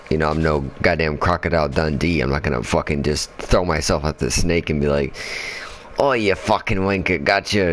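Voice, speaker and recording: A low-pitched man, a gaming channel host, rambles through a story with lots of fillers while playing a game, swearing constantly in casual chat. The recording carries a little hiss or hum.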